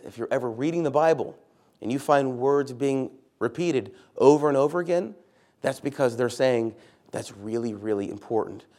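A pastor preaches to his church in a mid-pitched male voice. He leans on key words and repeats them for emphasis. He keeps asking the congregation questions as he goes. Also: darkish tone. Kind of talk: sermon.

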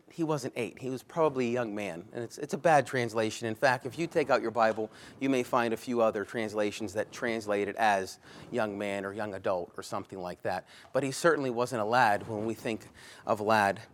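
A pastor delivering a conversational sermon, emphatic at points and often rephrasing himself mid-sentence. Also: male voice, on the low side, moderate pace. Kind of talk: expository sermon.

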